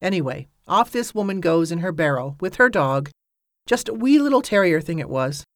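A man's voice: on the high side, expressive, normal speed, fairly bright tone, no room sound, clean studio sound. A reader voicing Joshua, a reticent boatman who talks plainly and mumbles. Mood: wry. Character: gruff, reticent boatman, older man.

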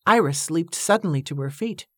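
A woman with a low, grounded voice reading a novel aloud at a measured pace. The recording is close and dry, with no room sound around her. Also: expressive, fairly bright tone, no room sound. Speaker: audiobook narrator. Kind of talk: scripted narration.

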